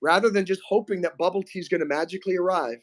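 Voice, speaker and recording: Live stream host, man, slightly high pitch, chatty, reads the chat, clears his throat often. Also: racing.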